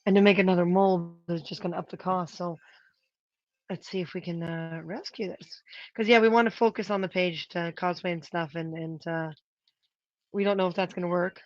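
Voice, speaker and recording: Prop maker, casual rambling livestream talk, thinks out loud, dry close sound, dull lo-fi audio. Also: mid-range voice, steady tone, moderate pace, no echo. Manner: rambling, thinks aloud and counts costs out loud. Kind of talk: casual livestream chat while crafting.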